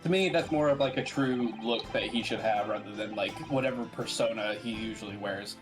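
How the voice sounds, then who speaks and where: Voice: mid-range voice, brisk, music in the background. A co-streamer chatting casually over a game, teasing and laughing often. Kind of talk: casual game commentary, voicing characters.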